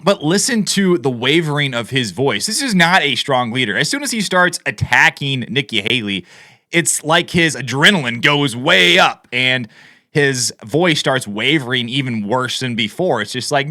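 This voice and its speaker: Bright, dry-voiced male commentator. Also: medium pitch, expressive, moderate pace, no echo. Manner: opinionated, conversational, frequent fillers. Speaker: political commentator. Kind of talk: casual commentary over played clips.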